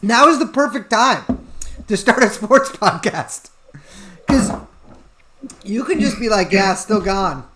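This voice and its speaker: A man's voice: very high voice, animated, slow, pauses often, pushed and bright, slight background noise. A man co-hosting a podcast, chatting casually with a playful, goofy manner. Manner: playful, goofy, feigns ignorance about sports. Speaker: podcast co-host. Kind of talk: casual joking chat.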